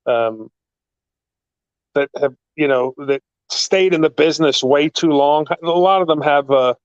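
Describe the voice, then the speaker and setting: A man telling wrestling stories in a casual chat, excitable and rambling, his pitch jumping up in the story. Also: unhurried, smooth, no echo, lo-fi sound. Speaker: guest, actor and former wrestling manager.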